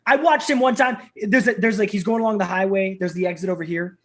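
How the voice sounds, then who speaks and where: Husky guy in his 30s talking really fast, animated stories on a podcast. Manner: animated, acts out quotes with big pitch jumps. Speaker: guest. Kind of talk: casual storytelling interview.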